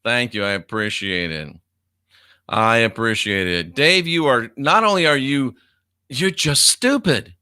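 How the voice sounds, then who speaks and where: A man's voice: medium pitch, expressive, unhurried, sharp tone, smooth, no echo, clean studio sound. A man in his fifties hosting a live stream, reading viewer comments aloud in a blunt, profane, casual way and laughing often. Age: 50s.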